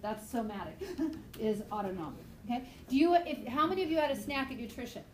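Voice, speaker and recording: Woman biology teacher, high voice, chatty and animated, recorded far off in a noisy, echoey classroom. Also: brisk. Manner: lively, chatty, acts out examples. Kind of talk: classroom lecture.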